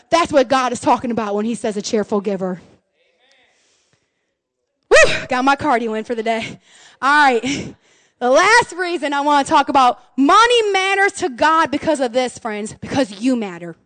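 High-voiced woman preaching with big energy. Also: normal speed, no echo. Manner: animated, swings between hushed asides and shouted excitement; folksy, says "y'all" and "man". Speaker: pastor. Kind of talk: lively sermon with storytelling.

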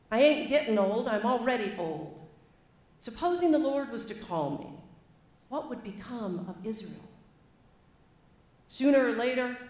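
A woman's voice: on the high side, darkish tone. A woman reading aloud as an aged male leader, a stern fatherly lawgiver, in a put-on American Southern accent with an emphatic, folksy cadence. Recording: echoey room.

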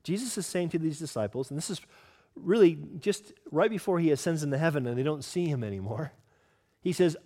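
A man preaching a sermon as pastor, earnest and teaching, asking the congregation questions and slowing down to stress scripture. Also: a little high, expressive, mellow. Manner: stresses key words, slows down for scripture.

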